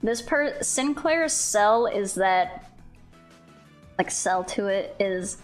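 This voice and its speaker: A woman's voice: medium pitch, animated, takes it slowly, soft background music. A woman with a Southern US accent hosting a casual stream chat, rambling with lots of fillers and restarts.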